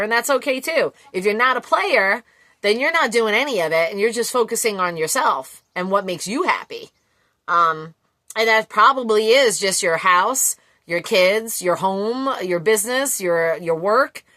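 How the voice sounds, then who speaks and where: A woman giving a casual collective tarot reading, blunt and quick to swear, laughing often. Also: medium pitch, a bit bright, dry recording. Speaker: tarot reader.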